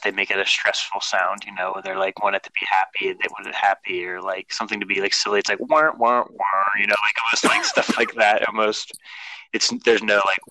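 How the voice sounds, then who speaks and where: A man with a low but bright, forward voice rambles through a casual chat. He piles on fillers and breaks into giggles. The recording is dry and close. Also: dry recording, low-quality recording.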